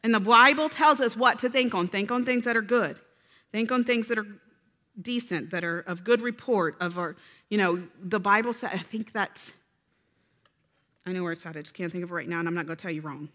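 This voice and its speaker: A woman's voice: medium pitch, fairly quick, sharp tone. A woman preaching a heartfelt sermon, earnest and emotional, calling out to her listeners for an answer. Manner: earnest, emotional, addresses congregation with call-and-response. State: close to tears.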